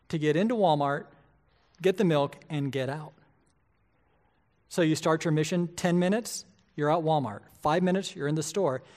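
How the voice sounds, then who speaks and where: Animated man preaching a sermon. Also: a little high. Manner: animated, conversational preaching with rhetorical questions. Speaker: pastor.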